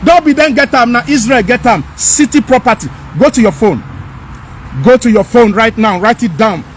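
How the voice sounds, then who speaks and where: A Nigerian-accented man from Nigeria, speaking in an extremely high voice at a moderate pace, rants straight to camera outdoors with slight background noise. As a commentator, he's emphatic and repetitive, his impassioned delivery rising into anger.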